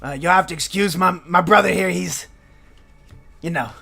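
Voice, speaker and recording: A man's voice: high-pitched, moderate pace, vocal fry, sharp tone, pitched above the performer's own voice, heavily acted. A man voicing an older male gnome twin who speaks in a soothing, apologetic way. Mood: placating.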